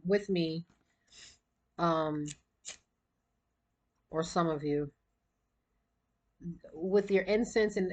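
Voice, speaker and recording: A woman's voice: fairly low pitch, darkish tone, lo-fi sound. A woman giving a casual spiritual card reading, chatty and rambling, and a little out of breath. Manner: chatty, rambling, quick bursts of laughter. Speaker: tarot card reader.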